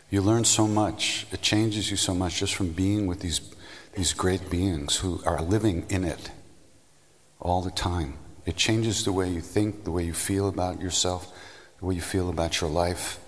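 A man giving a storytelling spiritual talk, unhurried, meandering and reflective. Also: low-pitched, long reverb tail. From United States. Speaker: spiritual teacher.

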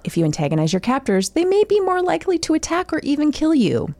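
A woman co-hosting a casual comedic podcast, reading out tips and joking, with frequent laughs and quick restarts. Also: high voice. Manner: animated, laughs often, talks in quick restarts. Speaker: podcast co-host.

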